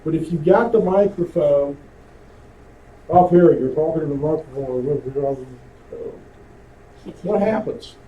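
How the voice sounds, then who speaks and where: Slow and pausing often, a man with a slightly high voice teaches a radio communications class at a club meeting, and the audio is dull. This amateur radio instructor talks conversationally and quizzes the audience. The room sounds roomy and distant, with faint hiss.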